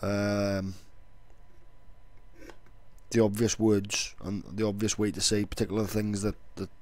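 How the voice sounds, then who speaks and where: A man's voice: fairly low pitch, level tone, a little slow, darkish tone, dry recording. A young man chatting casually and rambling on, swearing now and then. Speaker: vlogger. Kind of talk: casual vlog talk.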